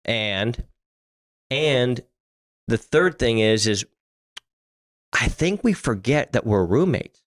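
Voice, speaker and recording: A middle-aged man co-hosting a casual podcast speaks in a mid-range, expressive voice, slowly and with frequent pauses. He's blunt, swears freely, and often restarts his sentences.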